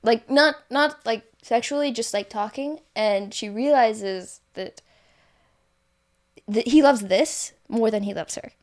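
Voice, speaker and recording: A woman's voice: fairly high pitch, slow pace, a little mellow. A woman recounting a story in an easygoing chat. She rambles, doubles back and corrects herself with plenty of fillers. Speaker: guest author. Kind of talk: casual storytelling.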